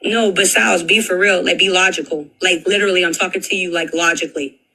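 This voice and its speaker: Blunt speaker with a bright voice. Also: medium pitch, fairly even intonation, a little fast, creaky, poor audio. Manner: blunt, rhetorical questions, lots of "like". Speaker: panel guest. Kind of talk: casual heated argument.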